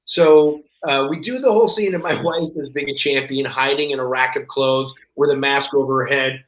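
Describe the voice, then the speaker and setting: A man talking as a podcast guest in casual chat, telling stories in an animated way and acting out the voices of the people in them. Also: mid-range voice, moderate pace. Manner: animated storyteller, acts out quoted voices. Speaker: guest actor. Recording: roomy echo.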